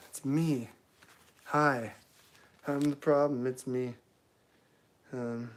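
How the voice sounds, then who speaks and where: A man's voice: medium pitch, steady tone, drawn-out words, pauses often. Offhand Canadian man chatting on a livestream. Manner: offhand, joking, mumbling asides to chat. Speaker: livestreaming knifemaker. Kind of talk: casual live-stream chat while working.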